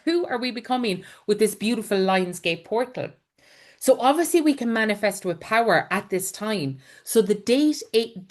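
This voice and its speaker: A middle-aged woman gives an earnest, encouraging spiritual talk on a live group call and weaves in personal stories. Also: medium pitch. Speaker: spiritual coach and healer.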